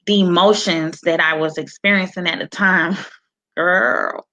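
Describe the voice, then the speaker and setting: A woman's voice: lowish voice, fairly even intonation, a little slow, sharp tone, lo-fi sound. A middle-aged woman from Miami giving an inspirational talk on a livestream, quoting scripture and greeting her viewers by name in a preacherly way. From Miami, Florida. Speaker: motivational speaker and author. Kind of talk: live-streamed inspirational talk.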